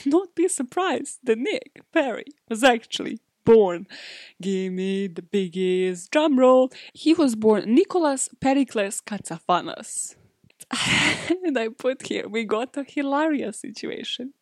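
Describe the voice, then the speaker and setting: A woman's voice: a little high, no room sound, studio quality. A woman hosting a podcast, telling a true-crime story in a casual, profane, chatty way with sarcastic asides. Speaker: podcast host.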